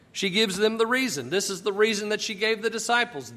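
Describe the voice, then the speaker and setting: Male Bible teacher, high and bright, conversational and emphatic, long reverb. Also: expressive, a little fast, few pauses.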